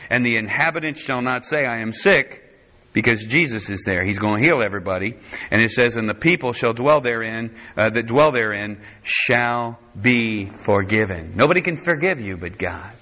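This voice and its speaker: Male preacher, mid-pitched, animated storytelling delivery with folksy asides, slightly dull lo-fi recording. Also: moderate pace. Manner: animated, acts out quotes in higher voice, folksy asides. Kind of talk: sermon.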